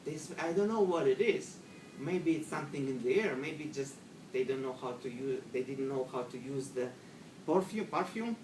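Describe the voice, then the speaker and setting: A middle-aged man with a Russian accent tells a humorous story to an audience. He is animated, acts out panicked quotes, and speaks slightly broken English. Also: medium pitch, normal speed. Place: room with a live audience. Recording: echoey room from far off, noisy ambience.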